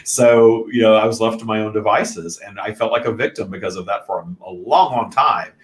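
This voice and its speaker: A man's voice: fairly low pitch, a little fast. A man hosting a spiritual live stream, talking earnestly and reflectively in a casual way. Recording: echoey room.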